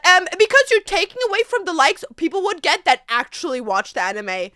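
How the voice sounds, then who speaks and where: A young woman streaming from home, chatting casually with her viewers, animated and swearing freely as she rants. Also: very high voice, brisk, few pauses, no echo, clean studio sound. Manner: chatty, talks to chat between bursts of singing. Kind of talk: casual livestream chat.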